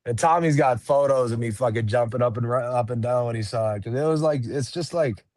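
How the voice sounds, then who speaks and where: A man's voice: mid-range voice, brisk, darkish tone, no room sound, studio quality. A young man who fights professionally, chatting casually in an interview, laid-back, swearing freely and laughing often. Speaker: MMA fighter, interview guest.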